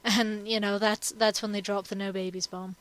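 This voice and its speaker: A woman chatting casually as a co-host, rambling through animated analysis. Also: mid-range voice, moderate pace, poor audio. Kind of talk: casual chat.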